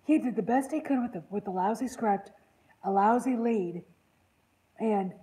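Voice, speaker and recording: A woman's voice: mid-range voice, moderate pace, dark tone, low-quality recording. A woman hosting an online channel, rambling in casual panel chat with an exasperated, indignant tone.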